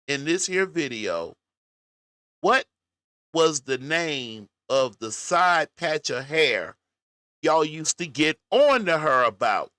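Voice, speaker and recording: Slow folksy man, bright voice. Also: fairly high pitch, sing-song, no echo, studio quality. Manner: folksy, talks straight to his audience. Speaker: commentary host. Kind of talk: casual reaction commentary to viewers.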